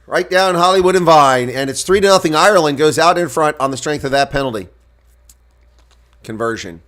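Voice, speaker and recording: Bright-voiced man calling rugby live. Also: fairly high pitch, brisk. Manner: calls play, then shouts with excitement at big moments; chats to live-stream viewers between plays. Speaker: solo live reaction commentator. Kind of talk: rugby play-by-play commentary.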